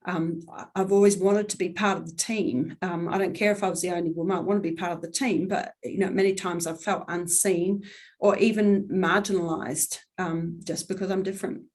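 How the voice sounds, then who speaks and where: Middle-aged woman, slightly low voice; candid, earnest guest speaker who pauses to think. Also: steady tone, darkish tone. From New Zealand. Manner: earnest, candid, thoughtful, pauses often with ums. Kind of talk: earnest talk on workplace equality.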